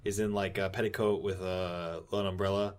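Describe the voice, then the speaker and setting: A man's voice: sits low, little pitch movement, normal speed. A man chatting casually on a comic book podcast, adding details and laughing along. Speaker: podcast co-host.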